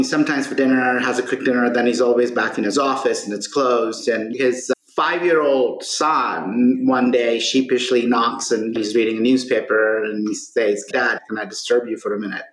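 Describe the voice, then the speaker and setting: A man speaking as a podcast guest and author, telling stories in an earnest, animated conversational way. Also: mid-range voice. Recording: roomy echo.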